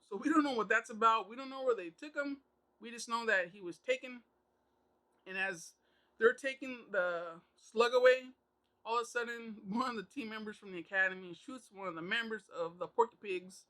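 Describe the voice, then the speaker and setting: Bright, high-voiced man reviewing comics. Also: normal speed, poor audio. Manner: loose and conversational, full of "kinda" and "you know". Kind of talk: casual spoken review.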